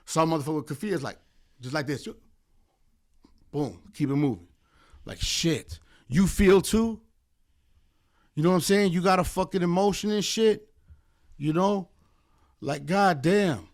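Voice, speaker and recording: A man's voice: on the high side, lively intonation, a little slow, long pauses, a little mellow. Fervent, heavily profane man. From United States. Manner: fervent, heavily profane, rambling with many fillers. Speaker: guest attorney. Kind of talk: impassioned casual podcast chat.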